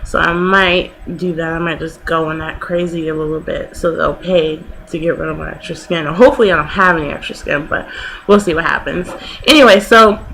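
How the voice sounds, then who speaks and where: A woman's voice: sits low, fairly quick, creaky, slight background noise, rough recording. A woman in her twenties telling a story casually in a vlog, acting out the people she quotes. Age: 20s. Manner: animated, laughing, acts out people she quotes. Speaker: vlogger.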